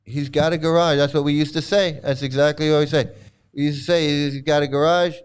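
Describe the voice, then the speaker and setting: A man's voice: fairly high pitch, flat delivery, brisk, clean tone. A man giving casual video commentary, sarcastic and rambling with many restarts.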